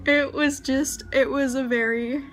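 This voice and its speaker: Slow-talking giggly young woman. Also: high voice, steady tone, fairly bright tone, soft background music. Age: young adult. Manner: giggly, self-mocking, rambling with frequent laughter. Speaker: storyteller. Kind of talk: casual personal storytelling.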